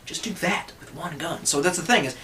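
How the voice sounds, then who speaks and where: A young man talks into his camera mic at home, his voice a little high and bright with a sharp edge. He rambles through his review, swearing freely and making crude jokes at his own expense. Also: fairly quick, slight background noise. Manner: profane, joking, self-deprecating, rambling. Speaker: YouTuber reviewing swords. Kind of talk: casual rambling vlog review. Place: room at home, indoors.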